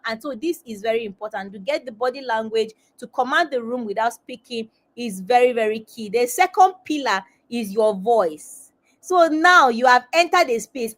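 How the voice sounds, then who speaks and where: A woman hosting a live webinar as a confidence coach, talking straight to her viewers and repeating phrases for emphasis. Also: high voice.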